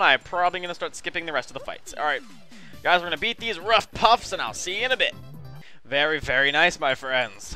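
A man's voice: fairly high pitch, pushed and bright. A man giving chatty video game commentary, often calling viewers his friends and apologizing for what he says. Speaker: let's play host.

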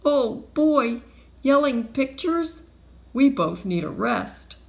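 A woman's voice: fairly low pitch, sing-song, measured pace, creaky, full character voice. A woman voicing a nervous male art thief in a storybook, speaking in a quivery, rising voice.

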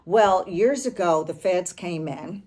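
A middle-aged woman from the Chicago area hosting a podcast, telling a story in a casual monologue with animated, indignant outbursts. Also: lowish voice, slow pace. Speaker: podcast host.

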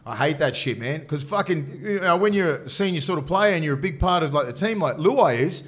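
A man's voice: a little high, expressive, brisk. A man co-hosting a casual sports podcast as a former player, blunt and swearing constantly, acting out what players would say. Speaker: former rugby league player, podcast co-host.

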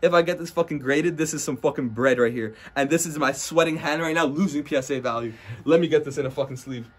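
A young man vlogging as he opens trading card packs indoors at a friend's house, casual and foul-mouthed, trash-talking and bursting into loud hype. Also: fairly high pitch, fast talker, slightly rough. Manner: profane, brash trash-talk; excitable, swings into loud hype. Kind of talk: casual unboxing commentary.

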